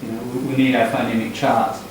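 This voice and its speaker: A man teaches a relaxed English class, unpacking pronunciation patterns and repeating phrases to model them. He is picked up from a distance in a very echoey classroom, with faint hiss in the background. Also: mid-range voice, quick pace.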